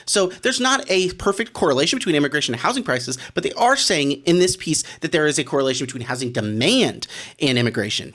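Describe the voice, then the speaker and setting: A man's voice: fairly high pitch, animated, moderate pace, a bit bright. A man co-hosting a casual discussion, thoughtful and given to light laughs. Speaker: podcast co-host.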